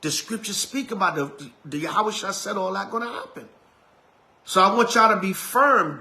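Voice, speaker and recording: A middle-aged male preacher with a high voice, delivering an emphatic, colloquial sermon. He hammers the same phrases over and over. His tone is bright and forceful. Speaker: elder and preacher.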